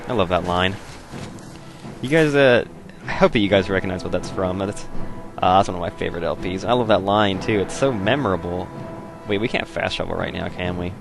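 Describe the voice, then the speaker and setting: Young man, very deep voice, laid-back rambling game commentary, game music clearly behind. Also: a little fast. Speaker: let's play host. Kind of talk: casual gameplay commentary.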